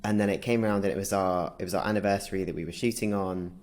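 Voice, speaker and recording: A man, a guest in a casual interview, telling a story in a lively way and often laughing through it. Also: low-pitched, racing.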